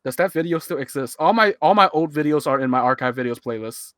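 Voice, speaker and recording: A man in his twenties from Hong Kong, speaking Hong Kong English with a partly American lean, talks fast in a higher, fairly bright voice with lively intonation. He's a streamer doing casual live commentary on his old video, rambling, chuckling and poking fun at himself. It's recorded on a cheap USB mic, yet sounds studio-clean with no echo.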